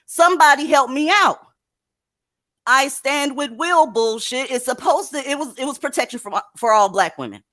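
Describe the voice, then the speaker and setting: A woman's voice: sits high, expressive, normal speed, fairly bright tone, no room sound, clean studio sound. A woman hosting a live stream, talking casually with blunt, profane sarcasm to her viewers. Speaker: livestream host. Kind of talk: casual livestream commentary.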